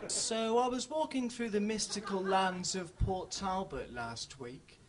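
A man doing a stand-up comedy routine on a club stage, telling stories with sudden loud bursts. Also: high-pitched, unhurried, a faint crowd.

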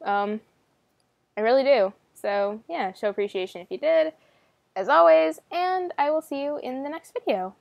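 High, lively exasperated woman reacting. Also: normal speed, vocal fry, highs cut off. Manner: exasperated, swears a lot, questions everything. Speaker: reaction video host. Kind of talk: casual reaction commentary.

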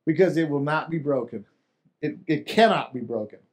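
A pastor preaching a sermon, emphatic and repetitive, stumbling over restarts, dropping low and soft, then rising loud. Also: male voice, lively intonation, moderate pace. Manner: swings between loud and soft, acting out quotes.

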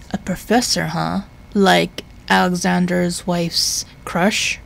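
A woman's voice: medium pitch, normal speed, creaky. A woman giving casual, chatty commentary over a story game she plays. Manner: chatty asides. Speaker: let's play host.

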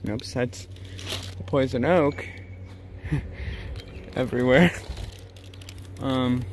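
A vlogger rambling and joking to viewers while hiking through the woods, filmed on a handheld camera. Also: medium pitch. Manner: giggly, joking, talking to viewers. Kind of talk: rambling solo hiking vlog. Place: outdoors in woods. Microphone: handheld camera mic. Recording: clear outdoor nature noise.

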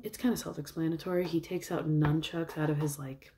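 Low, mellow woman rambling casually. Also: fairly even intonation, a little fast, hardly any pauses. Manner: rambling recap full of fillers and likes. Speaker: vlogger. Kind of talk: casual chat.

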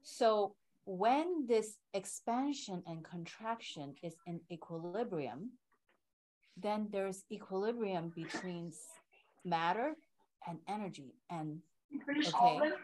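Slow-paced woman teaching qigong. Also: medium pitch, darkish tone, a little hiss or hum, rough recording. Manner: explains slowly, often checks in with "right?" and "okay". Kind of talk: teaching an online class.

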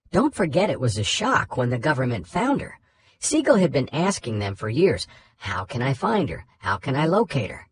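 A man's voice: medium pitch, slight background noise. A man narrating a nonfiction true-crime audiobook, reading first-person interview recollections in a conversational way.

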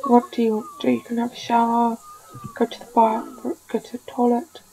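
A woman's voice: on the high side, completely flat delivery, a little fast, gravelly, mellow, rough recording. A woman giving casual commentary while she plays a life-simulation game, scolding and coaxing her characters like a fussing parent. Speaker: gaming video creator.

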